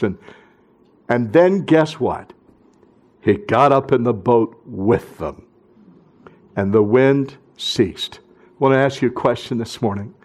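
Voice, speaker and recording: A male pastor preaching a sermon, swinging from loud emphatic bursts down to hushed, near-whispered phrases. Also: medium pitch.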